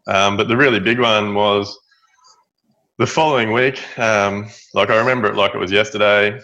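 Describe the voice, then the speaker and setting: A middle-aged Australian man telling a story as an interview guest, halting, with many fillers and restarts. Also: on the low side, fairly even intonation, pushed and bright. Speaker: guest, building business owner. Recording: dull lo-fi audio.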